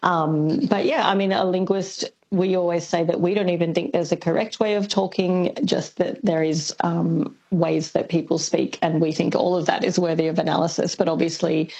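A woman, a linguist, answering questions on a radio interview in a thoughtful, hesitant way with frequent pauses. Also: on the low side, steady tone, creaky, a little mellow, breathy edge, muffled recording. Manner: thoughtful, hesitant with many ums. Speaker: linguist guest.

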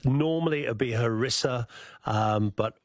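A man's voice: mid-range voice, moderate pace, no echo, clean studio sound. A man with a Scouse accent, a guest chef on a radio show, chatting casually and giving practical cooking tips with many restarts.

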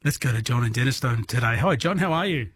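A man's voice: medium pitch, fast, a little hiss or hum. A man hosting a late-night radio quiz, chatting easily with callers. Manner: relaxed, chatty, friendly banter with callers. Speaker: radio host.

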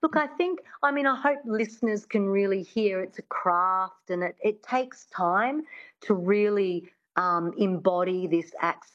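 A woman's voice: mid-range voice, lively intonation, a little slow. A woman, a guest on a radio show, speaking enthusiastically and agreeably about her craft. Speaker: accent coach guest. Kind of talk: radio interview. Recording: dull lo-fi sound.

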